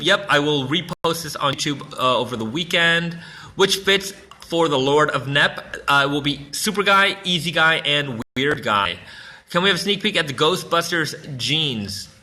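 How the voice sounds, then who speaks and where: Bright-voiced casual male livestream host. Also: fairly high pitch. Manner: chatty and easygoing, reads out viewer questions and answers offhand. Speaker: brand livestream host answering viewer questions. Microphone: phone livestream.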